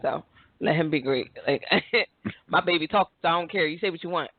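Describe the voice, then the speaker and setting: A lively woman host spins a story in easy, casual talk, laughing as she goes. Her voice comes through a thin, phone-like line with no room sound. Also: low voice, normal speed, no room sound. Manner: animated storyteller, laughs often. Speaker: podcast host. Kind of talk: casual chat. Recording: tinny phone-like line, dry.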